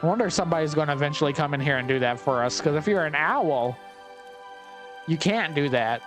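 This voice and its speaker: Male gameplay commentator, wry and chatty, thinks aloud, slightly high voice. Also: a little fast, fairly bright tone, faint music behind.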